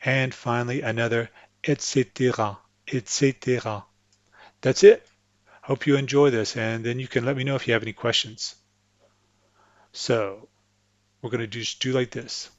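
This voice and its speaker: A man teaching French pronunciation to English speakers, patiently explaining tongue placement and slowly repeating example words. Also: mid-range voice, fairly even intonation, no room sound, dull audio. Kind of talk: instructional explanation with spoken examples.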